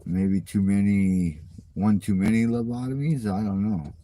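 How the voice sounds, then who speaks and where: A man's voice: on the low side, steady tone, a little slow, warm tone, no echo. Profane, mocking middle-aged man ranting. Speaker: channel host. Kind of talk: casual rant at viewer comments.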